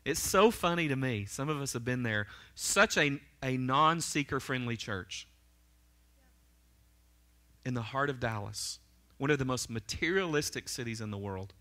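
An animated male pastor preaches a fervent sermon inside a church sanctuary. His voice is bright, forceful and pitched in a normal middle range, and he keeps prompting the congregation with quick "right?" and "amen?" asides.

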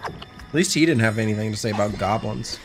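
A young man chatting casually with friends during a video game, relaxed and wry. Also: fairly low pitch, a little fast, over loud music. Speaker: co-host. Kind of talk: casual gameplay chat.

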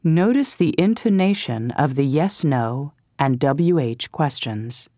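A woman narrating an English course, announcing exercise numbers and instructions in a measured way. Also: low voice, animated, a little mellow, dry recording, studio quality.

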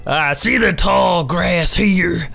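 A man voicing a silly, pushy male game trainer in a hammy, drawn-out delivery. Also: sits high, vocal fry, bright, forceful tone, soft background music, pitched above the performer's own voice, exaggerated voice.

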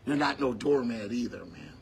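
A man preaching a sermon in a conversational way, breaking into shouts on key lines. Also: mid-range voice, animated, normal speed, gravelly.

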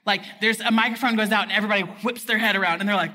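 A conference speaker delivers a chatty, candid sermon from a hall stage, her medium-pitched voice steady in tone yet racing, pushed and bright, and she keeps saying "like". The large hall adds a long reverb.

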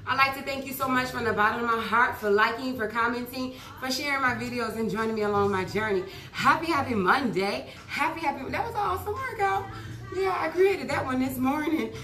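After a workout, a female fitness instructor talks to her viewers in a casual, upbeat way that slides into preachy testimony. Her voice is hoarse, fairly high and sharp, and the recording sounds roomy.

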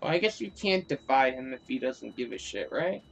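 A man's voice: mid-range voice, sing-song, normal speed, creaky, highs cut off. A man giving casual, joking commentary over a video game, mocking himself and swearing freely. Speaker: gaming video creator.

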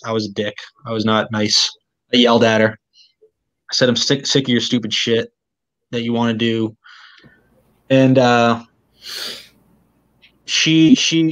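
Man, interview guest, halting retelling, repeated words, muffled lo-fi sound. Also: medium pitch. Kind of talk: recounting events in an interview.

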